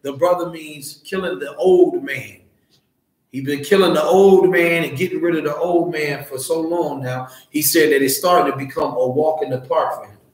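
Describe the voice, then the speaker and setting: A man teaching a scripture class, loud and profane, fired-up like a street preacher. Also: a little high, steady tone, moderate pace. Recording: very echoey room.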